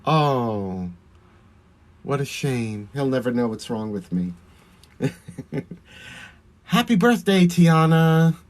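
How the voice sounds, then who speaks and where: A man's voice: mid-range voice, slow pace, long pauses. A man with a Long Island accent, a drag performer chatting through a livestream while doing his makeup, answering viewer comments and laughing often.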